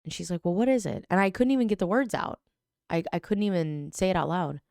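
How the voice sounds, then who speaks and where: A woman in her thirties hosts her own podcast and tells a long personal story in a loose, chatty way. Her voice sits low, and the sound is dry and close. She often restarts her sentences and fills the gaps with fillers. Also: fast, gravelly, dry recording. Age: 30s. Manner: chatty and animated, with many fillers and self-corrections. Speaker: podcast host. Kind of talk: casual storytelling.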